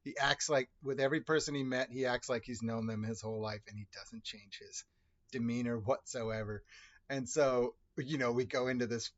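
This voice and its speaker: A man tells a casual story straight to camera, rambling and correcting himself as he goes. His voice sits at a middle pitch for a man. The recording sounds dull and lo-fi. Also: normal speed. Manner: rambling, self-correcting, conversational. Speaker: video host telling personal stories.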